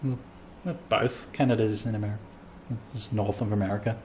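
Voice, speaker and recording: A man's voice: fairly low pitch, fairly even intonation, brisk, a little mellow, slight background noise. Rambling Australian man telling stories. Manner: rambling storytelling, acting out quotes. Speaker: comedian and podcast host. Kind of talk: casual podcast chat.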